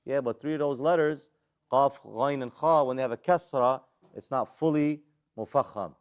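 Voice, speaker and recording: A man's voice: mid-range voice, moderate pace, clean tone. A man with an American accent teaching Quran recitation rules, drilling students with questions and recited Arabic letters. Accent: American English. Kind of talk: live classroom lesson.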